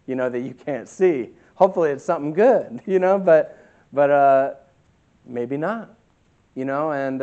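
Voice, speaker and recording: Man, pastor, Bible study teaching, conversational, clear smooth voice, slightly high. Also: highs cut off. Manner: conversational, many fillers, reads scripture aloud; animated, acts out voices with bursts of emphasis.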